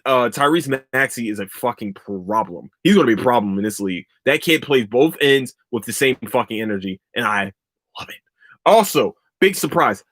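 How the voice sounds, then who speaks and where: Young male podcast host, solo rant, cursing freely, slightly high voice, dry close sound. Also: no room sound. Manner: profane, animated ranting.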